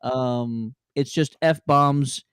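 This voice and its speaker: Podcast host, male, smooth clear voice, joking as he reads live comments. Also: medium pitch, steady tone, very slow, fairly bright tone, dry recording, studio quality. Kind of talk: live podcast chat about films.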